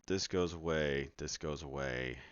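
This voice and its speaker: A man's voice: a bass voice, a little slow, clear, resonant tone, dry recording. A man streaming his game development from home, talking casually to his audience while he works, exasperated, sarcastic and swearing often. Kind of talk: casual live-stream commentary. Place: at home at night. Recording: dull lo-fi sound.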